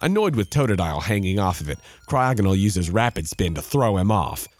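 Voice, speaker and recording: A man with a fairly low voice narrates a tabletop game battle. His delivery swoops up and down as he reads out each dice roll, with faint music playing underneath. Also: a little fast, no echo. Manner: lively storytelling, reading out dice rolls.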